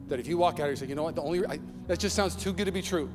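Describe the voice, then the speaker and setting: High-voiced energetic male preacher, echoing hall. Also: very fast, hardly any pauses, music in the background. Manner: energetic preaching, acts out shouts and quoted voices. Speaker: pastor. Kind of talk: sermon. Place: large church hall.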